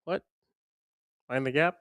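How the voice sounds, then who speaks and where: A man co-hosting a livestream, bantering playfully with quick quips. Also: a bit bright, no echo, studio quality. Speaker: livestream co-host. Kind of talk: casual chat.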